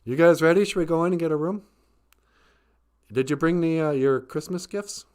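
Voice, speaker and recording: A man voicing an ancient wise man who talks in a casual, excited way. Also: medium pitch, moderate pace, natural voice.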